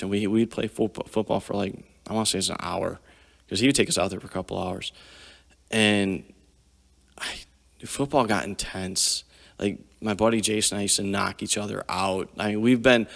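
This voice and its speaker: Gravelly low-voiced man telling war stories. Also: a bit bright. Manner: profane, vivid storytelling with frequent swearing. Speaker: podcast guest, army veteran. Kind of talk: casual storytelling. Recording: long hall reverb.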